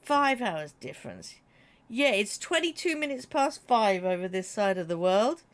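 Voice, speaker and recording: A British woman with a runny nose chats her way through a game stream. She talks in a mid-pitched voice, teasing and joking as she greets her viewers and answers them. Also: big pitch swings, unhurried. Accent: British English. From Britain. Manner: chatty, jokey, reads chat aloud. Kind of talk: casual chat while gaming.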